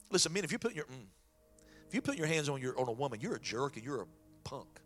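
A man's voice: a little high, big pitch swings, rapid-fire, faint music behind. A man preaching a sermon in a folksy way and then praying aloud. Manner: folksy preaching, shifts into loud prayer. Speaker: pastor.

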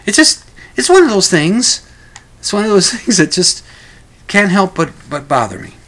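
A man's voice: high-pitched, unhurried. Rambling man talking solo. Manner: rambling, animated, with frequent restarts. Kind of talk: casual solo monologue.

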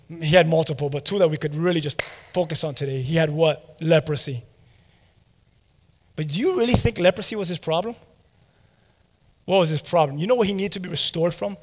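A man in his forties delivers a sermon with a high voice, telling the story in a lively way and turning often to his listeners. His voice rings with the long reverb of a big hall. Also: moderate pace, pauses often. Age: 40s. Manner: animated storytelling with laughs and asides to the congregation. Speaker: pastor.

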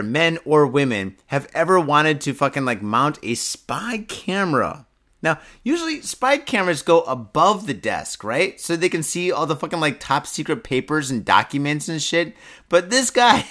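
A man's voice: a little high, sing-song, moderate pace, a bit bright. Tipsy, foul-mouthed man rambling on a podcast. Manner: profane, rambling, laughing at his own jokes, tipsy. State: drunk. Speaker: podcast host. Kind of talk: casual podcast chat reading news stories.

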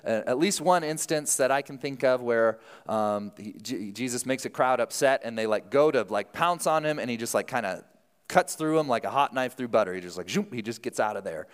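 A man's voice: medium pitch, a little fast, clean tone, long reverb tail. Conversational man preaching a sermon. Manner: conversational, animated, self-interrupting. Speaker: pastor. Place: church sanctuary.

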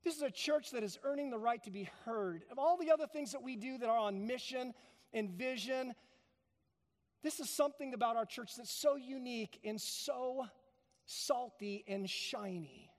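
Male pastor, high-pitched voice, emphatic sermon, loud peaks and soft drops, long hall reverb. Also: moderate pace. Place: church sanctuary.

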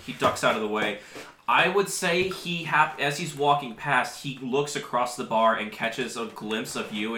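A man narrating as game master, in a casual and halting way. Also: fairly low pitch, bright, forceful tone, echoey room, slight background noise.

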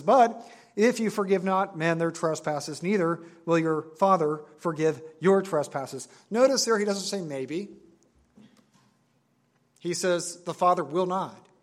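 A man preaching a sermon to his assembly, earnest and emphatic, repeating key phrases and slowing down on stressed words. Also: fairly high pitch. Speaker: pastor.

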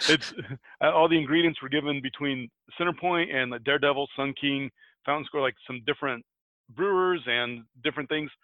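A man's voice: fairly high pitch, fairly quick, no echo, phone-quality sound. A man co-hosting a podcast in casual chat, laughing often and restarting his sentences. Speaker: podcast co-host.

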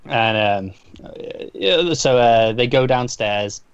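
A man's voice: mid-range voice, expressive, slow, clean tone, no echo. Rambling man recapping, dull dry sound. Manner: rambling, with many restarts and repeated words. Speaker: comic book podcast co-host. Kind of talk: casual recap chat.

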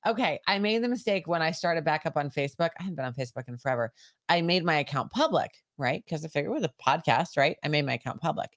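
A middle-aged woman co-hosts a podcast in a loose, casual chat. Her voice sits low but swings widely in pitch as she laughs and rants, dropping curses freely. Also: expressive, fast, no echo, clean studio sound. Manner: ranting, swearing, laughing often. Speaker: podcast co-host. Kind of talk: casual banter.

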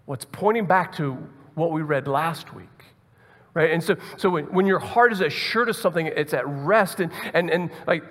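A man's voice: a little high, normal speed, fairly bright tone. A man preaching a conversational sermon as pastor, often repeating words as he thinks aloud. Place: church hall. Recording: long hall reverb.

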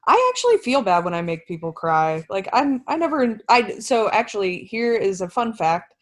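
A woman guest in a casual online chat, telling stories in a soft-spoken, self-deprecating way. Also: mid-range voice, very animated, moderate pace.

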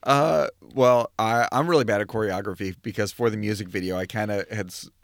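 A man's voice: fairly low pitch, brisk, dry recording, studio quality. A man hosting a podcast, teasing his guest playfully and laughing often in casual chat. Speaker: podcast host. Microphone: studio microphone.

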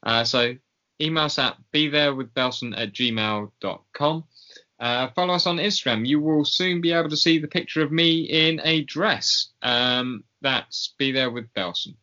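Male podcast host, bright and forward, rambly casual outro, muffled remote line. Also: mid-range voice, moderate pace. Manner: rambling, filler-heavy, self-mocking. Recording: dull lo-fi remote call line.

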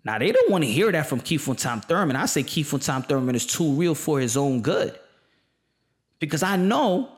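A man giving an opinionated monologue, emphatic and passionate, repeating his points in casual slang. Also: on the high side. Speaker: boxing commentator. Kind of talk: opinionated boxing commentary monologue.

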